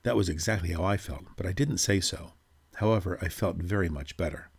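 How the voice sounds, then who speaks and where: Man with a deep, husky voice narrating a ghost story at a measured, steady pace.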